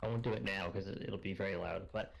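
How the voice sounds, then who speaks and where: Low, steady and a bit creaky, this man's auto-tuned voice moves fast through casual voice-chat talk. He wanders from point to point, looking things up aloud with lots of filler words.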